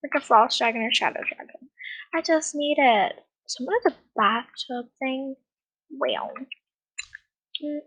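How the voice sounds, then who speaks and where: A woman's voice: fairly high pitch, a little slow, a bit bright, low-quality recording. A woman hosting a gaming channel in a chatty, rambling way, often sighing and giggling, with a non-American accent. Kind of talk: casual gameplay commentary.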